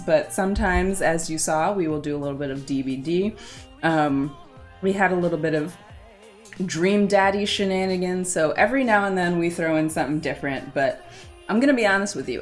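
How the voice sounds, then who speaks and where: A woman's voice: lowish voice, moderate pace, soft background music. A woman hosting a game livestream in casual chat, flustered and awkward, greeting viewers with giggles. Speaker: livestream host.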